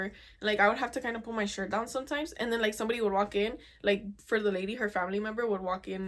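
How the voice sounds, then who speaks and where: A young woman hosting a casual storytime chat, animated and exasperated, full of "dude" and "oh my God.". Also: medium pitch. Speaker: podcast host.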